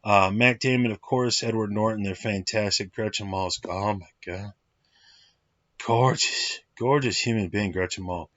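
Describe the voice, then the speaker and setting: A man's voice: lowish voice, normal speed, few pauses, fairly bright tone, no echo. A man in his late thirties giving an enthusiastic, rambling film review with many fillers. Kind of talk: casual film review monologue. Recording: dry, slightly muffled lo-fi recording.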